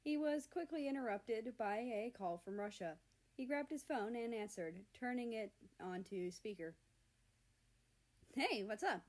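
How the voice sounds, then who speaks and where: A woman reading a fan fiction story aloud in an earnest, expressive narration. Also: a little high, moderate pace.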